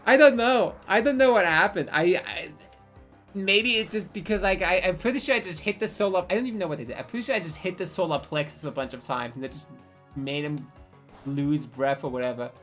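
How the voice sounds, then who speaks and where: A woman's voice: fairly low pitch, fairly quick, a bit bright, soft background music. A woman in her twenties telling a rambling, profane story on a live stream and drifting into tangents.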